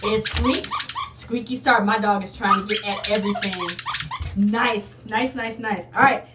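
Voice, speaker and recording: A woman's voice: medium pitch, steady tone, measured pace, distant mic, very noisy. Chatty woman unboxing in an echoey room. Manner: chatty, addresses viewers as y'all. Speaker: unboxing vlogger. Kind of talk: casual unboxing chat.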